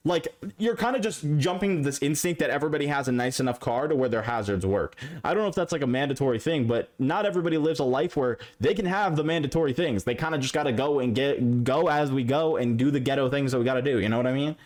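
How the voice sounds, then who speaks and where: A man's voice: mid-range voice, fast, hardly any pauses, a little mellow. A man reacting to dashcam clips for his stream, casual and profane, scolding the drivers on screen. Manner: profane, exasperated, talks straight to the drivers.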